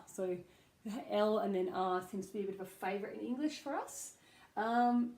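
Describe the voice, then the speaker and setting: A woman with an Australian accent teaching English pronunciation, sounding out names slowly and deliberately. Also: medium pitch, a little mellow, echoey room. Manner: slow, deliberate, drawing out sounds to demonstrate. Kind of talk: casual spoken lesson.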